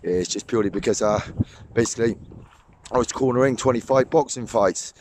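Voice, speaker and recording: A man with a hoarse voice from a cold, chatting casually and cheerfully into a handheld camera beside a small overgrown lake. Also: mid-range voice, brisk, background noise. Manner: upbeat, rambling, laughs often. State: hoarse, losing his voice from a cold. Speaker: fishing vlogger.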